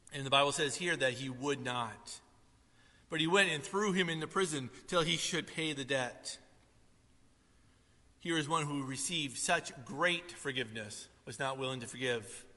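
A man preaching a sermon to a congregation, swinging between loud emphasis and soft asides. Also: on the high side, normal speed, pauses often, in a large hall. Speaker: pastor.

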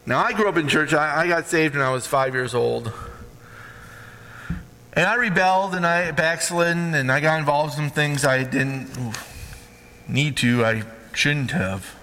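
A man's voice: on the high side, a little slow, bright, forceful tone, in a large hall, low-quality recording. A man preaching a sermon with emphatic call-and-response questions to the congregation.

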